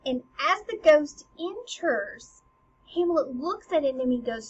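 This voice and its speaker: A woman casually explaining a play scene by scene, paraphrasing it in lively everyday slang. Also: high-pitched, unhurried. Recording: slightly dull lo-fi recording with faint noise.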